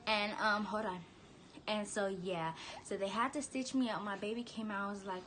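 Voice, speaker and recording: A woman's voice: mid-range voice, fairly even intonation, moderate pace, background noise. A young woman telling her birth story in a candid, chatty vlog, now and then cooing at her baby. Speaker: vlogger, new mother.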